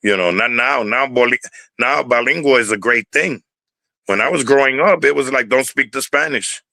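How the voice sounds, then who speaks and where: This older interview guest, a Bronx-born former dancer with a New York Puerto Rican accent, spins loose stories full of repeated words and free swearing. He speaks at a moderate pace in a medium-pitched, pushed, bright voice, captured in a rough recording without echo.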